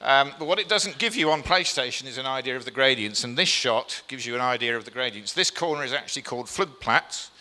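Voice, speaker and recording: A man's voice: mid-range voice, animated, quick pace, hardly any pauses, pushed and bright. A man giving a chatty slide talk to a live audience, with frequent ums and questions to the crowd. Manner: chatty, self-deprecating, asks the audience questions. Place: event hall with a live audience. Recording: long reverb of a hall.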